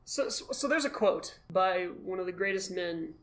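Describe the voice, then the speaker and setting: A man as the guest, telling his story in an animated, self-deprecating way and acting out his own past thoughts. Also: high voice, moderate pace. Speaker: guest, costumed charity volunteer. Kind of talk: casual storytelling in a conversation.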